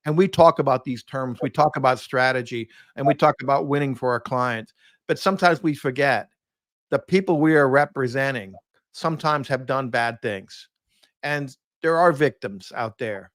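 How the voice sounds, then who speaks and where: A middle-aged man who is a defense attorney, a guest on a podcast, speaking in a measured, earnest way with some hesitant restarts. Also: mid-range voice, a bit bright, no room sound.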